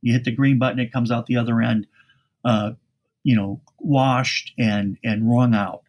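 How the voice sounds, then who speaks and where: A man's voice: medium pitch, fairly even intonation, measured pace, a little mellow. Folksy man telling a trade story. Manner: folksy storyteller with frequent restarts. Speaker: carpet cleaning industry expert guest. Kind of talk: podcast interview storytelling.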